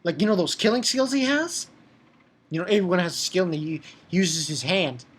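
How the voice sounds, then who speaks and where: A man casually recapping an anime episode in an excitable way, swearing and stumbling over fillers and restarts. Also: high-pitched, normal speed, slightly rough.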